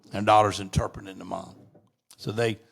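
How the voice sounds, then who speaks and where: A man's voice: on the low side, steady tone, fairly quick, vocal fry. A middle-aged man, a guest on an interview show, telling long rambling anecdotes in a casual way and often restarting his sentences.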